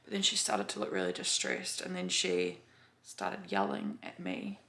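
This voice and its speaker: A woman's voice: a bass voice, big pitch swings, moderate pace, gravelly, bright, forceful tone, slight background noise. A woman chatting casually to camera, full of fillers and swearing as she tells a story. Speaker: vlogger.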